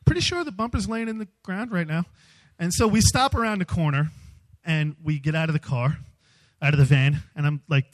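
Animated, self-mocking man telling a story. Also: a little high, low-quality recording. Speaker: youth speaker. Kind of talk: humorous storytelling sermon.

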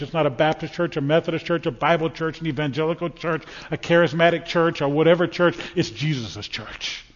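A man preaching a sermon from the pulpit of a church, emphatic and dramatic, swinging from loud declarations to hushed, solemn lines. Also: fairly high pitch, in a large hall, highs cut off. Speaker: pastor. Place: church sanctuary.

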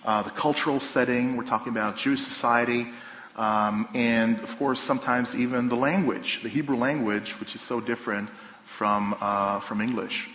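A man's voice: steady tone, fairly bright tone, a little hiss or hum. Guy teaching to a church group, long echo, kinda dull lo-fi sound. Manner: measured, explanatory, with fillers. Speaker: guest speaker, professional guide. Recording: echoey hall, dull low-fi sound.

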